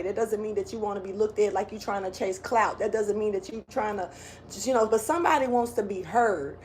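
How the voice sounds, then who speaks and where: A woman reads tarot in a loose, slangy, rambling way, sometimes slipping into a half-rapped rhythm. Her voice sits at an ordinary middle pitch. She moves around indoors, so she drifts away from the camera mic at times. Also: a little hiss or hum. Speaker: tarot reader. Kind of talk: casual tarot reading. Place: indoors, moving around the room.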